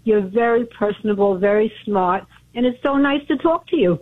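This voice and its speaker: A woman's voice: mid-range voice, expressive, normal speed. A woman from Brooklyn calling in to a radio show, chatty and earnest, heard over a phone line. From Brooklyn, New York. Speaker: caller. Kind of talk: phone-in call.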